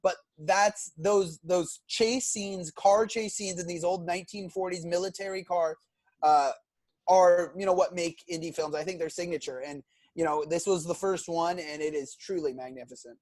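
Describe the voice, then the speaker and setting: A man co-hosting a casual film podcast, talking in halting bursts full of "you know" and restarts. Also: sits high, steady tone, darkish tone, no echo. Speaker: podcast co-host.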